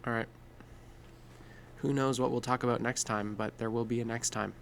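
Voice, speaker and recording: Male podcast co-host, mid pitch, swears freely and talks in a loose, animated way, faint hiss behind. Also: normal speed, gravelly. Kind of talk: casual conversation.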